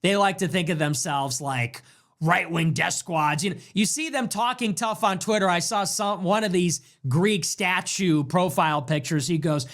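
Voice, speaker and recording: A male commentator with a fairly high voice holds forth on a casual politics show. He talks emphatically, with open scorn. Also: normal speed, a bit bright. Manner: emphatic and scornful, mocking mimicry.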